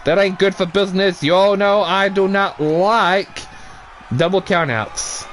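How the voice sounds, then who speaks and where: A man giving casual play-by-play commentary on a wrestling video game, shouting at big moves and swearing now and then. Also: high-pitched, steady tone, a little slow, a little hiss or hum. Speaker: YouTube gaming commentator.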